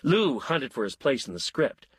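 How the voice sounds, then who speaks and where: A middle-aged man narrates a short story in a wry, measured way. His voice is husky with a lively rise and fall. The sound is close and dry. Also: mid-range voice, no room sound.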